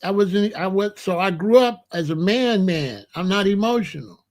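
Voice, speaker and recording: Here a man in his late sixties who hosts a show recounts family stories at normal speed. His high voice carries lively intonation, and the monologue is laid-back, boastful and streetwise, with lots of slang.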